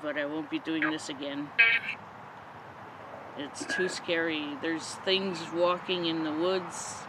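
Woman, paranormal vlog host, jittery and unhurried, questioning spirits in the woods by a busy road. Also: low-pitched, level tone. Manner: nervous, talks to spirits in short questions. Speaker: paranormal investigator. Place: outdoors in a forest near a road at night. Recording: outdoor traffic noise. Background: passing traffic.

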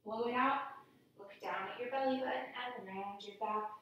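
A woman guiding children through a yoga lesson with gentle, playful cues. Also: on the high side, moderate pace, lo-fi sound, a little hiss or hum. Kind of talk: guided kids' yoga lesson. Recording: echoey room, somewhat far from mic.

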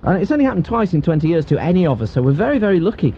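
A male radio host with a high, bouncy voice that swings up and down as he chats and jokes with callers on a late-night phone-in. The broadcast has a dull, lo-fi sound with a faint hiss underneath. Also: rapid-fire. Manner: chatty, jokey, animated. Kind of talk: casual radio phone-in chat.

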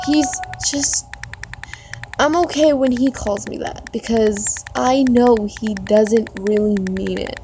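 A dramatic young prince, read slowly by a woman with little change from her own higher voice. The lines come as spoken text messages. Music plays clearly under the recording. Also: rough recording. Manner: reading texts aloud.

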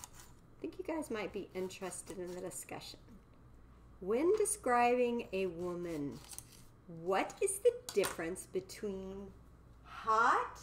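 A woman's voice: mid-range voice, big pitch swings, slow, a bit bright, slight background noise. A woman hosts a live home cooking show, chatting playfully and rambling while she cooks. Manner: playful, rambling, laughs at own jokes. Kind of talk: casual live cooking chat.

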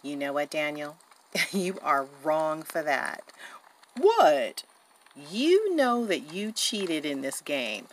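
A woman voicing a chatty young woman in a doll-play story, talking in an animated, indignant and giggly way. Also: deep voice, slow pace, a little hiss or hum, exaggerated voice. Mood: accusing.

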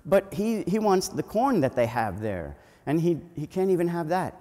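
A male priest with a fairly high voice gives a children's homily in a church, and his words ring out with a long reverb. He tells a story with lively energy and keeps asking the children questions. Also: moderate pace. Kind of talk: children's homily at a family Mass.

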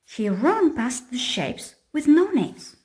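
A woman's voice: high-pitched, big pitch swings, takes it slowly. A woman reading a picture book aloud for children and asking them questions. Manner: gentle storytelling with questions to children.

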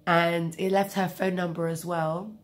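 Young woman with a cold, slightly low voice, rambling storyteller. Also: flat delivery, measured pace. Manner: chatty, rambling with asides. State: has a cold, coughing. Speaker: vlogger. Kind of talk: casual storytelling.

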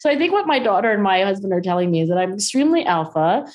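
A middle-aged woman as an interview guest, talking in casual, animated conversation and laughing easily as she acts out quoted voices. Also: mid-range voice, very fast.

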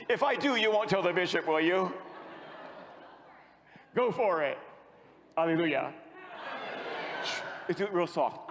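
A male priest preaching a sermon as an animated storyteller who acts out the voices in his stories. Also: fairly high pitch, long reverb tail, a little hiss or hum. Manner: animated storyteller, acting out quotes.

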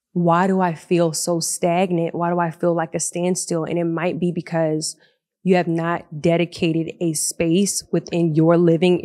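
Young woman, podcast host, lowish voice, dry close sound, chatty and excitable. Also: no room sound. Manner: chatty and animated, laughs often. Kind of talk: solo podcast talk. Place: living room of a large loft apartment. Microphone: podcast microphone.

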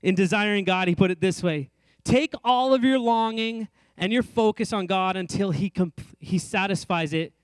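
A man's voice: high voice, clean tone, no room sound. A middle-aged man preaching a sermon in a church, earnest and conversational with light self-deprecating asides. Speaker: pastor. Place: church sanctuary.

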